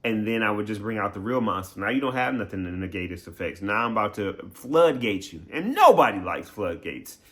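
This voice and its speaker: This adult man, a game streamer, gives his viewers a playful, chatty recap, laughing often. He speaks fairly quickly and animatedly at a fairly low pitch, barely pausing.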